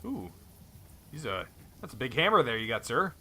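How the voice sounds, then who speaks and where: Brief: laid-back male gameplay host, bright tone, casual commentary with fillers. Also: mid-range voice, very animated, normal speed, rough recording. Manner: easygoing, musing, with many fillers. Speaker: let's play host.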